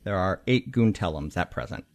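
A man's voice: low voice, moderate pace. A man running a tabletop game as game master, calling out rolls and damage. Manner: lively, animated, calls out rolls and damage.

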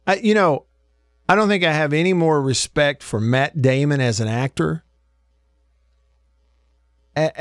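A man's voice: fairly high pitch, smooth, dry recording, clean studio sound. A man hosting a sports talk radio show, incredulous and joking, laughing often. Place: radio studio. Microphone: studio microphone.

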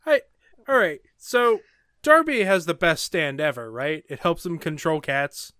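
A man in casual podcast chat, making teasing deadpan jabs. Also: on the high side, measured pace, no echo, studio quality.

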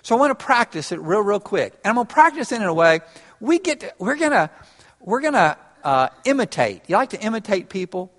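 A pastor with a high-sitting, slightly bright, sing-song voice preaches an interactive sermon at a brisk pace. He talks conversationally and laughs along with his congregation, and the church hall is reverberant.

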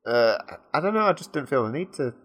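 A British man with a mid-range voice co-hosting a relaxed gaming podcast. He rambles and hesitates, circling back to correct himself as he talks. The tone stays easygoing and conversational. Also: mid-range voice, fast. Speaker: podcast co-host. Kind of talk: casual gaming podcast chat.

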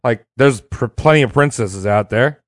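A man's voice: mid-range voice, normal speed, dry recording, clean studio sound, voice pushed down, lightly acted. A man playing a crude, lusty king who talks in blunt, slangy bro speech.

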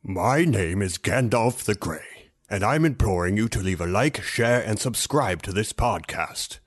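Husky, low-pitched old wizard, solemn and grave, a man impersonating him for a podcast sign-off. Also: expressive, measured pace. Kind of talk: podcast outro impression.

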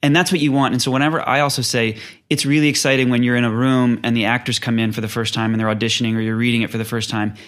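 A man's voice: medium pitch, racing, few pauses. A man in easy conversation about writing and directing plays. He tells stories with energy and slips into quoted voices to act out what people said. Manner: animated storyteller, acts out quotes. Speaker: playwright and director. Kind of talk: casual conversation.

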